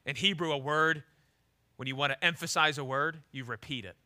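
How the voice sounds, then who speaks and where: Emphatic preacher man, high bright voice. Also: brisk. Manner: emphatic preaching, swings from loud to low and intense; repeats words when starting a thought. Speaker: pastor. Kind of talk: sermon.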